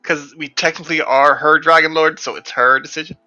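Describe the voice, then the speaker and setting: A man playing a tabletop game, asking slowly and hesitantly, with fillers. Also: a little high, level tone, pushed and bright, lo-fi sound, soft background music. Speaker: player. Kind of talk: casual game table chat.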